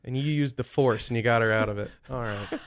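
A man's voice: mid-range voice, fairly quick, no echo. A man hosting a crude, casual chat, blunt and teasing, swearing freely.

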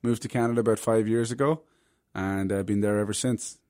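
A man with a soft Irish accent, a guest on a podcast, talking in an easygoing, wry way. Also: on the low side, fairly even intonation, a little fast, no echo, studio quality. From Ireland.

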